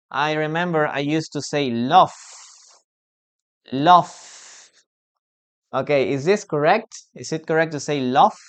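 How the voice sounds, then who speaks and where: English teacher, live online class, talks real slow, drills words over and over. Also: mid-range voice, smooth. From Peru. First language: Spanish. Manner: repetitive, drills pronunciation, asks the class questions.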